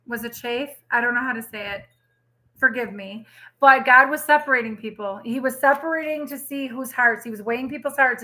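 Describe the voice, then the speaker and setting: A woman giving a casual livestream tarot reading, animated and exclamatory, swearing freely. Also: a little high. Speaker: tarot reader.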